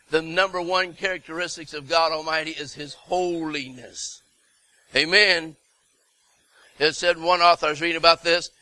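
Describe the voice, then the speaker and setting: Brief: middle-aged male preacher, fervent, high bright voice, dry close sound. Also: no echo, low-quality recording. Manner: fervent, shouting repeated words, folksy asides. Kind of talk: sermon.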